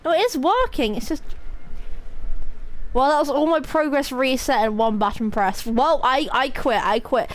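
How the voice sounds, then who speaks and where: A woman's voice: high voice, lively intonation, moderate pace, slight background noise. A woman streaming a video game, giving rambling, giggly, self-mocking commentary. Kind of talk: casual gameplay commentary.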